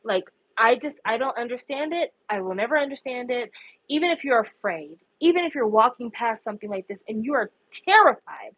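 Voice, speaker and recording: A woman's voice: fairly high pitch, very animated, normal speed, husky, no room sound, muffled recording. A woman giving impassioned, profane casual commentary, her voice rising in anguished outbursts. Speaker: K-pop commentary vlogger.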